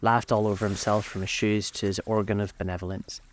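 A man narrating a classic novel aloud in a steady, even storytelling manner. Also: lowish voice, fairly quick, slight background noise.

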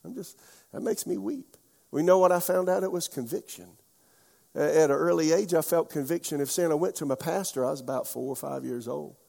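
A man's voice: on the high side, fairly quick, vocal fry, a little mellow, big-room sound. A man, a pastor from South Carolina preaching a sermon with folksy storytelling and questions to the congregation. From South Carolina, USA.

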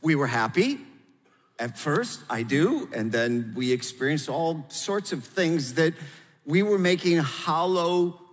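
A middle-aged man preaching as a pastor alongside his wife, animated and playful, then dropping low and earnest for his points. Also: slow pace. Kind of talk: sermon with spouse, conversational. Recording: long reverb in large hall.

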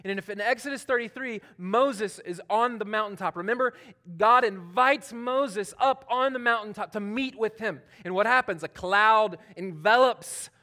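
A man preaching a sermon in a conversational, animated way, acting out what people say. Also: high voice, normal speed. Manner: conversational, animated, acts out quotes, laughs often. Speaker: pastor.

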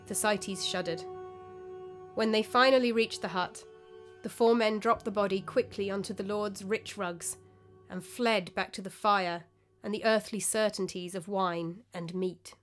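A woman reading a story aloud in measured, even narration. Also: mid-range voice, soft background music.

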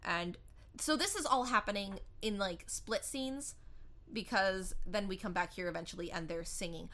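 Bright-voiced woman retelling a plot. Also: mid-range voice. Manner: recounts plot, acting out lines in quick voices. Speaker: podcast co-host. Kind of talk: casual film recap chat.

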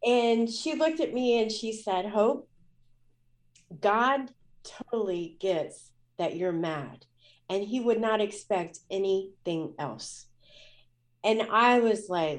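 A woman's voice: medium pitch, a little slow. A woman speaking as a guest in an interview, telling a personal story in a candid, emotional way with many fillers.

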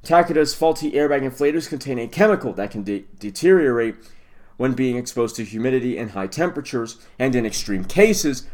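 Man casually reading car headlines. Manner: stumbles over names and rants with rising pitch. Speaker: car news host.

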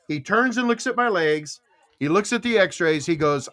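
A man's voice: high voice, expressive, moderate pace, a bit bright. An older man hosting a morning show, telling a long personal story and acting out what other people said. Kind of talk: casual chat. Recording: internet radio show.

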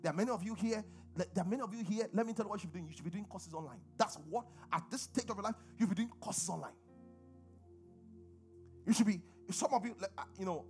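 A middle-aged man with a Nigerian accent preaching a sermon and calling on the congregation to respond. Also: high voice. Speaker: pastor.

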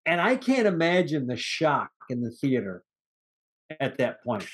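A man's voice: medium pitch, a little slow, breathy edge. A man co-hosting a podcast, chatting casually and rambling about an old movie, cursing now and then. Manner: rambling, animated, swears casually. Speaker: podcast co-host. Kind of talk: casual movie review chat.

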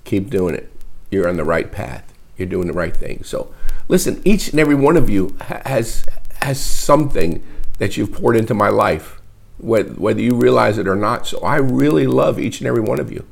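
A middle-aged man, a pastor, preaching an emotional sermon in a halting, repetitive way, close to tears. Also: fairly low pitch, animated, vocal fry. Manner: emotional, wears heart on sleeve; halting, repeats words often. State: tearful. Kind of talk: livestreamed sermon.

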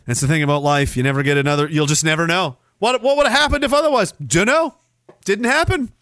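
A man's voice: on the high side, quick pace, fairly bright tone, clear, resonant tone, no room sound, studio quality. A man hosting a live show and reading chat, rambling and swearing, with sudden bursts of mock outrage. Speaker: podcast host reading chat. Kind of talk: casual livestream chat.

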